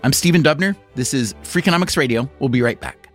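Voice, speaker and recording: A man's voice: mid-range voice, animated, quick pace, faint music behind. A man hosting a radio interview, asking curious, conversational questions into a studio microphone. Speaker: podcast host.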